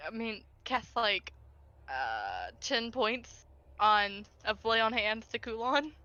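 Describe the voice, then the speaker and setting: A woman playing a tabletop game, reacting in an excitable way. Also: on the high side, takes it slowly, no room sound, highs cut off. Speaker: player. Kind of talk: casual tabletop play.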